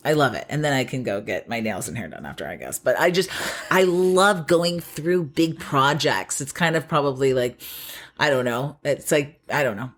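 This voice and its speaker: A young adult woman co-hosting a relaxed podcast, her voice sitting low but swinging widely in pitch. She talks in an animated, repetitive way and laughs often. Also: moderate pace. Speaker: podcast co-host. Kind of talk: casual chat.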